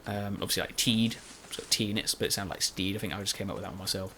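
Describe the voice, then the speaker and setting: This man's lowish voice races along with a sharp tone, and there's slight background noise. A Let's Play commentator, he gives rambling, chatty commentary over his own gameplay while mocking himself.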